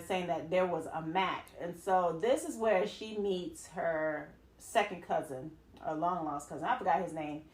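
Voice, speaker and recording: Lively woman recapping a movie, echoey room. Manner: animated storyteller, acts out quotes in a high voice, laughs often. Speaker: podcast co-host. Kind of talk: casual movie recap chat.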